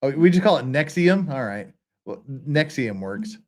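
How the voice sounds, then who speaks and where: A man's voice: medium pitch, expressive, measured pace, a little mellow. A man hosting a casual live stream, rambling and joking with many restarts and asides. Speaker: streamer host. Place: lives in Korea.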